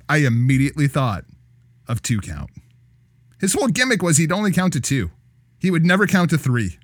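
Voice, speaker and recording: A man hosting a wrestling podcast, telling a profane, animated story in casual chat. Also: on the high side, no echo, clean studio sound. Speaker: podcast host.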